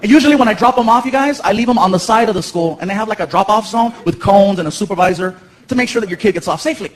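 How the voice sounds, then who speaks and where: Fast-talking, high-voiced man doing stand-up. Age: 30s. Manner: animated, acts out voices. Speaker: stand-up comedian. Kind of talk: stand-up comedy. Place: theater stage with audience.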